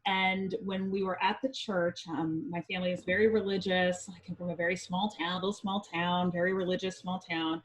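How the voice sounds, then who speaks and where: A woman from Indiana, a psychic medium guest on a podcast, telling a personal story in a chatty, lively way with frequent ums. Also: lowish voice, normal speed, hardly any pauses, a little hiss or hum, rough recording.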